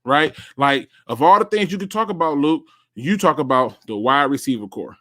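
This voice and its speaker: A man with a slightly high voice hosts a solo sports talk show at normal speed. He's animated, talking directly to his viewers and reacting to what he reads out.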